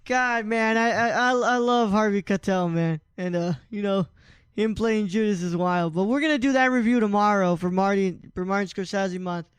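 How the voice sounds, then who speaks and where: High-voiced, smooth-sounding podcast host man. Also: normal speed, no room sound. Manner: loose, swears casually, lots of fillers. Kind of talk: casual podcast chat.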